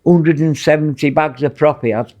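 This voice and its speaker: Speaking at a moderate pace in a slightly high, darkish voice, a Manchester-born ex-prison officer shares rambling, blunt stories. He has a Mancunian accent and is a guest in a casual podcast interview.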